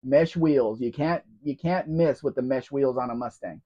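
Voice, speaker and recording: A male live Q&A host with a sore throat speaks from a room at home in a mellow, medium-pitched voice at a moderate pace. Chatty and rambling, he reads out viewer comments and addresses viewers by name, and the stream audio sounds dull, muffled, and lo-fi.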